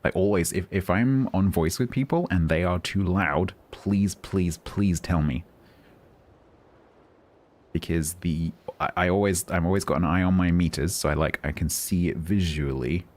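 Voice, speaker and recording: Deep-voiced guy chatting on his stream, steady even delivery, dry jokes. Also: normal speed. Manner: steady, even-toned, dry self-deprecating. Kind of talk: casual live-stream chat.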